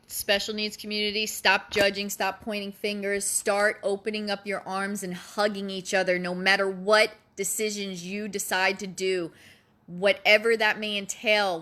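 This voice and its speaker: A mother of a child, nearly crying, delivers an earnest and emotional personal address to other parents, pleading and repeating herself for emphasis. She has a mid-range voice with a sharp tone.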